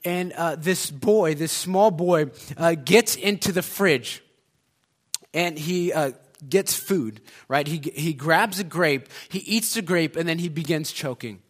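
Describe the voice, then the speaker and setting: A man preaching a sermon, telling a story with many fillers and restarts, then rising into loud, impassioned preaching. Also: on the high side, takes it slowly.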